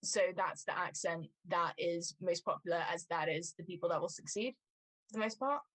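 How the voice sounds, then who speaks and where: A woman's voice: lowish voice, moderate pace, fairly bright tone, no room sound. A woman explaining things in casual livestream chat, with many fillers. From Scotland. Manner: explanatory, lots of "like" and "um". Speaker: cosplay livestream co-host.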